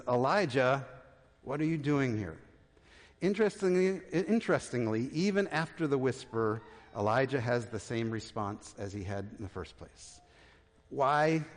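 A man preaching a sermon as pastor, conversational, with restarts, and dropping to a hushed voice for tender points. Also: medium pitch. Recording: reverberant church hall.

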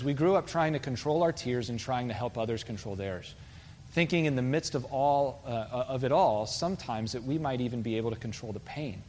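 A man's voice: mid-range voice, darkish tone. Man, pastor, sermon, earnest, conversational, rhetorical questions, church hall reverb, faint background noise. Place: church sanctuary.

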